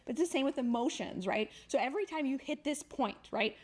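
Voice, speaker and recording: A woman therapist talks with frank, animated energy on a podcast, swearing freely and acting out the voices in people's heads. Her voice sits a little high for a woman. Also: racing, hardly any pauses. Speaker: therapist guest. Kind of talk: casual podcast conversation.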